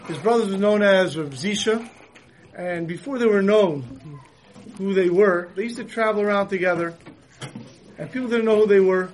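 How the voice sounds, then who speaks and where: A man, a religious teacher, telling a story and explaining its lesson in a lively, storytelling sermon. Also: sits high, moderate pace, slight background noise, low-quality recording.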